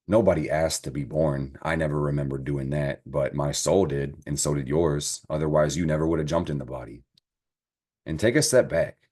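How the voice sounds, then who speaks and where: A man's voice: rumbling low, slightly rough. A man giving a casual astrology and tarot reading to camera, talking in a slangy, profane, encouraging way. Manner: slangy, profane, animated pep talk.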